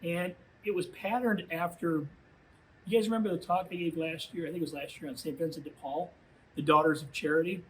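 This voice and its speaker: A man giving a youth minister's storytelling talk to high school students, conversational and full of filler phrases. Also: fairly even intonation, brisk, slight background noise, rough recording.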